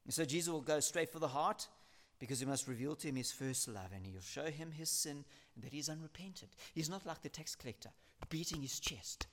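A man preaching a sermon in a somewhat high voice. He speaks earnestly and with emphasis, stacking repeated phrases as his points build. He slows down to read scripture aloud. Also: animated, fairly bright tone. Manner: reads scripture aloud slowly.

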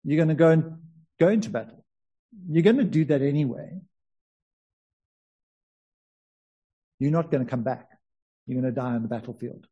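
A man's voice: fairly high pitch, fast, warm tone, slightly rough, dull audio, voice pushed down. A man voicing an outspoken male prophet who mocks a king, then tells him the grim truth plainly. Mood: grave. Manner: mock-agreeable, then grim and direct.

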